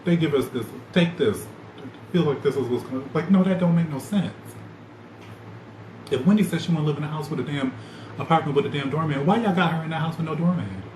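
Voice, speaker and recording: A man hosting a podcast, rambling loosely in animated, slangy casual chat. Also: fairly high pitch, fast. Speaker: podcast host. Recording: echoey room with loud ambient noise.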